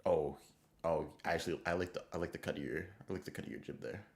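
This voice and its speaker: Man with a very deep voice, casual livestream chat, excitable, rambling, swears a lot. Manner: excitable, rambling, swears often, quick bursts. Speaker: streamer. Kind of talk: casual livestream chat reading viewer messages.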